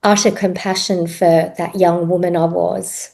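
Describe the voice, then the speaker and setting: Slow, reflective middle-aged woman. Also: on the low side, level tone, vocal fry, darkish tone. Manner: reflective, unhurried, pauses with ums. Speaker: podcast guest, therapist. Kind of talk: personal story in interview.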